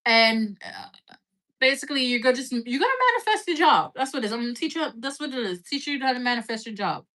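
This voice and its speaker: A woman with a slightly high voice hosts a relaxed live tarot reading. She talks in a loose, rambling way, filling gaps with "like" and "right?" and swearing casually now and then. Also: quick pace. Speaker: tarot reader.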